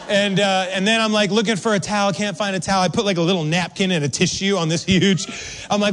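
High-voiced animated male preacher. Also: brisk, some chatter behind, a little hiss or hum. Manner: animated, acts out his own reactions. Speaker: pastor. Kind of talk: sermon with storytelling.

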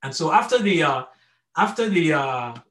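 A man's voice: on the high side, lively intonation, moderate pace, fairly bright tone. Earnest male preacher in an echoey room. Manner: earnest, repetitive restarts, frequent "okay?" check-ins. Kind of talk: sermon.

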